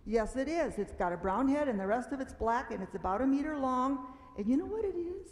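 A woman telling a children's story at a church service, animated and dramatic, acting out fearful cries and screams. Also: high voice, fairly quick, in a large hall. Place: large meeting hall.

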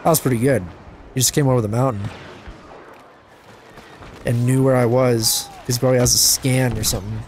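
A young man giving casual, self-mocking commentary over his gameplay, his voice jumping high when things go wrong. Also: fairly even intonation, fairly quick, long pauses, darkish tone, a little hiss or hum. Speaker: gaming channel host. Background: game music and gunfire.

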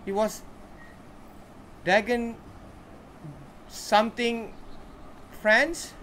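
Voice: mid-range voice, fairly even intonation, drawn-out words, fairly bright tone, slight background noise. Gamer talking thru gameplay, chatty, talks to the characters, game sound faint in the back. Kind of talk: casual gameplay commentary.

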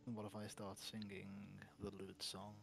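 A man's voice: lowish voice, monotone, moderate pace, vocal fry, a bit bright. A man from Liverpool with a Scouse accent, bantering on a gaming stream with mock indignation. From Liverpool, England. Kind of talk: casual gaming chat.

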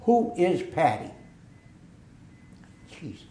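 This older veteran from Massachusetts speaks slowly, his voice on the high side, while telling war stories for an oral history. He brings them to life by acting out quoted lines, and the echoey room adds slight background noise.

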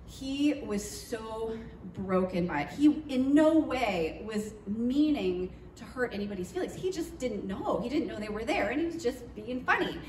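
A woman telling a church congregation about a trip in a lively, chatty way, with plenty of fillers and acted-out quotes. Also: fairly high pitch, normal speed, a little hiss or hum. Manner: animated, chatty, lots of fillers, acts out quotes. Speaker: mission trip leader speaking to church. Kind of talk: storytelling trip recap. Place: church hall. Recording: roomy echoey hall, mic far off.

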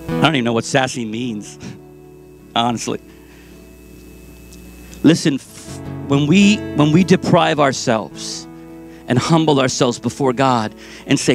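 A pastor preaching a sermon with passion, moving between loud, urgent lines and hushed ones. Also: male voice, on the high side, lively intonation, unhurried, long pauses, music in the background. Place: church sanctuary.

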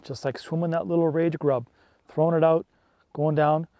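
A man chatting excitedly and folksily while fishing from a small boat on a lake. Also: fairly high pitch, normal speed, no echo. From Canada. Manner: excitable, folksy, peppers talk with "eh". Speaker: fishing vlogger. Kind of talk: casual on-the-water chat.

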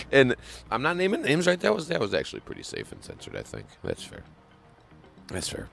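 A man's voice: mid-range voice, wildly swooping pitch, fairly quick, vocal fry, a bit bright, soft background music. A young man co-hosting a podcast, rambling and joking in a profane, casual way. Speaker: podcast co-host. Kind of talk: casual crude banter.

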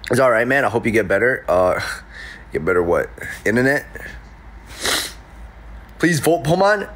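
A sniffly young man in his twenties, fighting a cold, livestreams from his room and plays off chat with casual jokes. Through a desk mic, his mid-range voice comes across very animated and fairly bright at normal speed.

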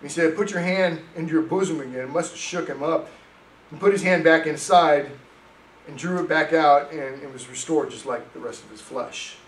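A male pastor preaching a sermon, reading scripture and telling stories in an animated way. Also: fairly high pitch, echoey room, far from the mic, rough recording. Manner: animated storytelling, reads scripture aloud. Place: church sanctuary.

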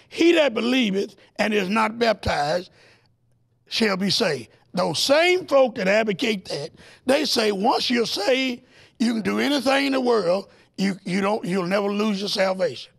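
His voice is high and gravelly with a fried quality as this male preacher teaches a Bible lesson on television. He's insistent, hurling rhetorical questions at the audience and escalating to excited, near-shouted highs.

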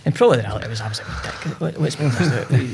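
Fast-talking gravelly Scottish man. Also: medium pitch, noisy background. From Scotland. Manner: chatty and self-deprecating, quick storytelling. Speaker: guest. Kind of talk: casual podcast chat.

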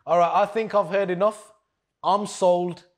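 A man's voice: high-pitched, fairly even intonation, a little slow. A man co-hosting a comedy sketch, playful and going along with the bit. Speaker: co-host.

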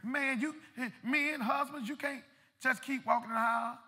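High bright-voiced preaching man. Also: fairly even intonation, normal speed. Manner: repeats words, builds to shouted peaks. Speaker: pastor. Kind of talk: sermon. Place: church sanctuary. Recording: long reverb of a church hall.

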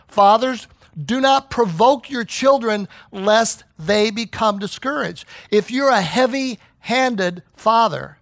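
The speaker is a middle-aged man whose high voice carries a sermon built on stories, and as pastor he acts out each quoted voice in an animated way. No room sound can be heard.

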